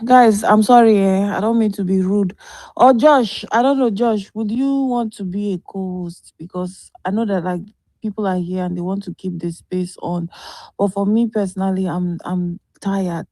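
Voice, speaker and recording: Tired woman hosting, mellow voice. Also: mid-range voice, dry recording. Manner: weary, repeats herself, pleading. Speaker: host of an online audio room. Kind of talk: casual chat.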